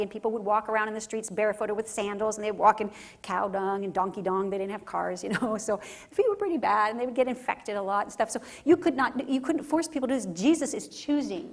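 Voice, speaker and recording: A woman speaker giving a faith lecture at a conference center, animated and acting out scenes, often checking in with "right?". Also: medium pitch.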